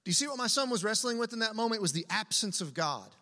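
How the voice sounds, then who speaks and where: Forceful bright-voiced pastor preaching. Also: male voice, high voice, animated, fast talker. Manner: conversational, earnest storytelling. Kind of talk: sermon with storytelling. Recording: long hall reverb.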